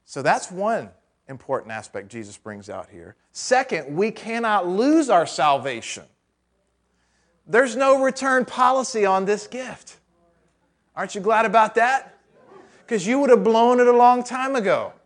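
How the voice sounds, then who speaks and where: A pastor preaching a sermon in a conversational way, asking the congregation rhetorical questions and adding joking asides. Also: male voice, sits high, expressive, a little slow.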